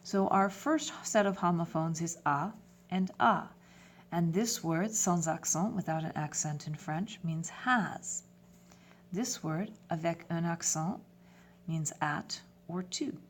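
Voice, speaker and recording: A woman teaching a lesson, speaking clearly and patiently and spelling words out letter by letter. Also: fairly low pitch, takes it slowly, slight background noise. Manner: switches between French and English phrases. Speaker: French teacher. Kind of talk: classroom lesson video.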